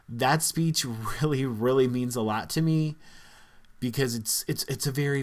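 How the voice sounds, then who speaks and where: A man, talking earnestly and reflectively to camera in a casual vlog, with frequent fillers. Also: mid-range voice. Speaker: vlogger.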